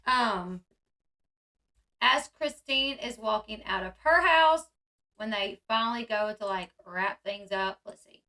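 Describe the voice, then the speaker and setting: A woman's voice: medium pitch, lively intonation, slow, bright, forceful tone. A woman vlogger giving casual, chatty commentary, full of "like" and "um" fillers. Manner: chatty, filler-heavy with frequent "like" and "um". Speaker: vlogger reacting to a reality show.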